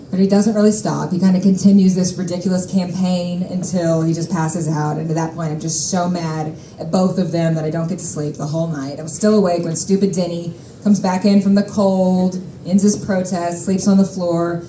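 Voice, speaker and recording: A woman's voice: on the low side, flat delivery, moderate pace, mellow, reverberant, slight background noise, low-quality recording. Wry, exasperated woman telling a story. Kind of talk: live personal storytelling. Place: stage at a live storytelling show.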